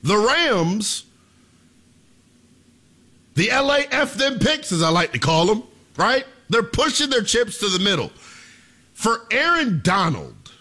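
Man, sports radio host, lively swooping delivery, bright forceful tone, theatrical monologue. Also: sits high, slow pace, long pauses. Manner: preachy, theatrical, addresses listeners as ladies and gentlemen. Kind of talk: animated sports talk monologue.

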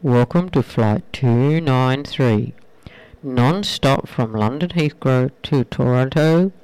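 Calm male pilot on the intercom, low and smooth, read by a male joke-teller. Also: takes it slowly, no room sound, rough recording.

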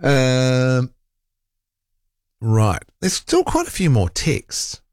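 A man's voice: mid-range voice, huge pitch swings, drawn-out words, darkish tone, no room sound, studio quality. A man hosting a talk radio show, reading listener texts and arguing back at critics in a combative, fact-checking way. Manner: combative, defends himself, fact-checks callers.

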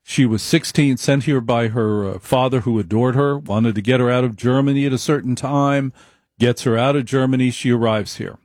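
Emphatic husky-voiced man holding forth. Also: mid-range voice, normal speed, a little mellow, no echo, clean studio sound. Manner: emphatic, repeats points, rambling asides. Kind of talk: opinionated monologue.

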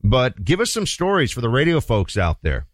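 A man's voice: mid-range voice, sing-song, normal speed, no room sound, studio quality. A man hosting a radio talk show, interviewing a guest in an upbeat, conversational way.

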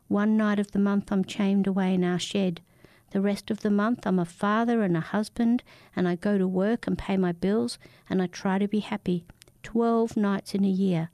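A woman voicing a frightened, desperate man who pleads for his life, rambling and rising in pitch as he begs. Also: dark tone, no room sound, clean studio sound, natural voice. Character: frightened desperate man, a cursed family father.

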